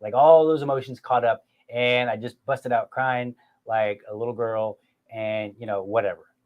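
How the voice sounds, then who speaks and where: A middle-aged man hosting a podcast, telling a family story in an animated, self-mocking way and talking straight to his listeners. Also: medium pitch, moderate pace, phone-quality sound. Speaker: podcast host. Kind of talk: casual storytelling chat.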